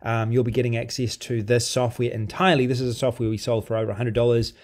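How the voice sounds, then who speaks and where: Man, software walkthrough, mellow warm voice, casual, filler-heavy. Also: mid-range voice, level tone, fast talker. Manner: loose and conversational, many ums and restarts. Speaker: software reviewer.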